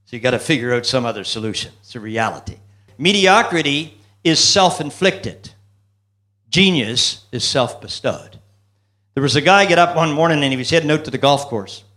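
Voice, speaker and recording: A man's voice: mid-range voice, very fast, few pauses, a bit bright. A man giving a motivational business seminar talk, telling jokes and asking the audience questions. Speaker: business speaker.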